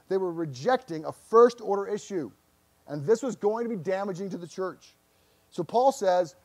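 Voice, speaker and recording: A man preaching a sermon in church, his voice pitched high for a man. He speaks earnestly, often repeating words as he presses searching questions on his congregation. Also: darkish tone. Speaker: pastor.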